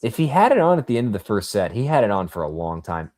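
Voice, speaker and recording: Guy, low-ish voice, goofy live tennis commentary, dry close sound. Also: very animated, fast talker, a little mellow, no room sound. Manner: playful, jokey asides mixed with play-by-play. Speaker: watchalong co-host and commentator.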